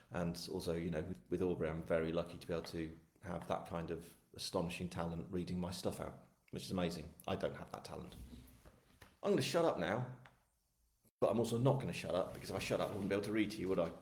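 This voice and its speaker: A man from England with a lowish voice chats loosely to his viewers, wandering into asides and running himself down with a grin. His talk carries the echo of a bare room at home, picked up on a webcam mic. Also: steady tone, fast talker, a little mellow. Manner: chatty, self-deprecating, rambling asides. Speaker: author hosting a live book launch. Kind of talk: casual live-stream chat. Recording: echoey room.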